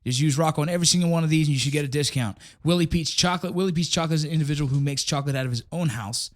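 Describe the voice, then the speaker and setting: A man's voice: fairly high pitch, rapid-fire. A middle-aged man hosting a casual podcast in an office, chatting loosely with a friend, swearing and laughing often as he reads sponsors. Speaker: podcast host.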